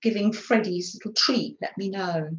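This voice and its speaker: An Englishwoman hosts a craft livestream, chatting casually as she reads live comments, greets viewers by name, and giggles often. Her voice is medium-pitched at a normal speed, and the lo-fi audio comes from an echoey room.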